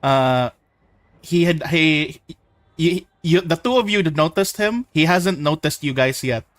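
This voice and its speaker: A man's voice: a little high, lively intonation, measured pace, dry recording, low-quality recording. A man running a tabletop game as game master, describing scenes in a rambling way with many restarts. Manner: rambling, full of likes and restarts.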